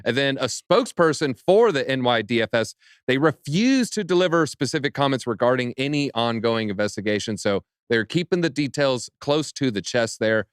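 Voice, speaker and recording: A man hosting a casual panel chat, brisk and joking as he reads news aloud. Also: mid-range voice, expressive, clear, resonant tone, no echo, studio quality. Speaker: show host.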